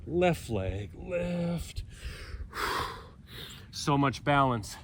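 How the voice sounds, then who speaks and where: A man's voice: on the high side, expressive, very slow, fairly bright tone, a little hiss or hum. A man leading a yoga workout outdoors, cueing poses with joking asides, breathing hard from the exercise. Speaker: yoga instructor. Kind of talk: guided workout instruction. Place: outdoors with a mountain view.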